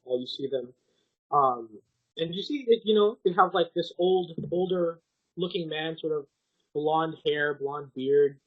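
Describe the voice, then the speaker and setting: A young man narrates a tabletop game as game master in a somewhat high voice. He improvises with plenty of ums, restarts and casual swearing. The recording is dull and lo-fi. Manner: hesitant, filler-heavy, swears casually.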